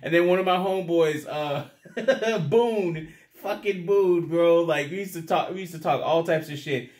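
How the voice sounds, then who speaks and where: A man's voice: a little high, a little slow, darkish tone, slight background noise. A young man rambling casually to the camera, crude and profane, often laughing at his own stories. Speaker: vlogger.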